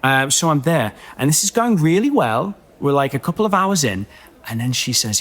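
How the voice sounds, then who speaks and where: A man telling a comic story on a podcast, animated and self-mocking, with many chatty asides. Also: on the high side, normal speed.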